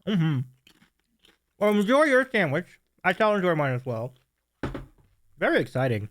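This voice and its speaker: A man's voice: high-pitched, sing-song, measured pace, fairly bright tone, a little hiss or hum. A man hosting a casual live stream who laughs often and thanks viewers by name. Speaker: stream host.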